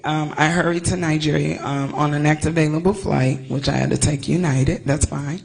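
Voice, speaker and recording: Woman from the US, tearful halting statement, creaky edge. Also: sits low, steady tone, darkish tone, a little hiss or hum, poor audio. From United States. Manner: tearful, halting, stumbles over words. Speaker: investor speaking at a press conference. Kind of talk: emotional prepared statement.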